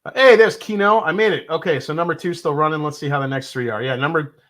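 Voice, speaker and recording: A man's voice: on the high side, fast, fairly bright tone. A middle-aged man co-hosting a casual bourbon tasting, chatty and prone to restarts as he tells a story. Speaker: podcast co-host.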